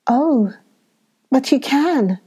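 A woman voicing an eager young girl with a raised, pleading voice. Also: measured pace. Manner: bright, pleading, higher voice.

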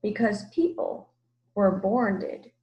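A woman reading puts on a vast, gentle old storybook monster. It talks in a slow, grave way, and now and then its voice sinks to a near whisper. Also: mid-range voice, steady tone, lo-fi sound, close to an everyday voice. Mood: solemn. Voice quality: slow deliberate speech, hushed at times.

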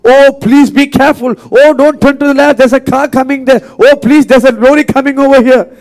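A man's voice: very high voice, steady tone, a little fast, a little mellow, voice pushed up. A fretful, anxious passenger nagging from the seat beside the driver, as a preacher puts him on. The voice jumps well above his usual register and pleads over and over. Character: nervous nagging car passenger, anxious adult.

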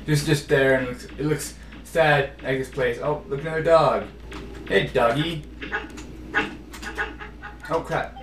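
A man's voice: a little high, steady tone, unhurried, long pauses, fairly bright tone, slight background noise. A man giving rambling, joking commentary over a video game, often correcting himself. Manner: rambling, self-correcting, apologetic jokes. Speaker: let's play commentator. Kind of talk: casual gameplay commentary. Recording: roomy, distant mic with game music.

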